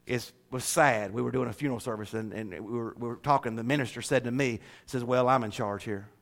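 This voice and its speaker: Animated man preaching a sermon. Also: mid-range voice, fast, vocal fry. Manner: animated, swings from shouting to hushed, joking asides. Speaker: pastor. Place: church.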